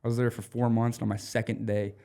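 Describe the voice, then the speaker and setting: A man's voice: mid-range voice, level tone, fast talker, dark tone, smooth. A young man from Louisiana with a Southern accent, a stand-up comedian guest telling rambling, profane stories in casual podcast chat. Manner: rambling storyteller, swears freely, says dude a lot.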